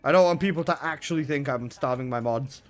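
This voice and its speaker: A man's voice: mid-range voice, fairly quick, faint music behind. A man live streaming, chatting casually with his viewers, swearing and laughing often.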